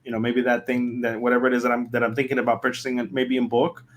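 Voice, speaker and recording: A man's voice: medium pitch, fast talker, slight background noise. A man hosting a live-stream panel discussion over a video call, encouraging and affirming his guests. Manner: even, encouraging, frequent affirmations. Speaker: host.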